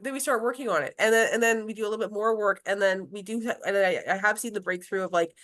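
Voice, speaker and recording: A woman's voice: mid-range voice, steady tone, fast talker, few pauses, fairly bright tone. Chatty rambling woman, grief specialist. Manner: chatty, rambling with many restarts and laughs. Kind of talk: casual interview chat.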